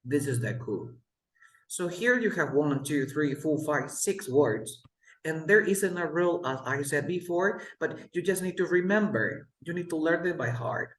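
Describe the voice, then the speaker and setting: A man's voice: on the high side, expressive, normal speed, a bit bright. A man tutoring English one-on-one over a video call, patiently repeating words for his student. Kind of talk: online one-on-one English lesson. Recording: roomy echo.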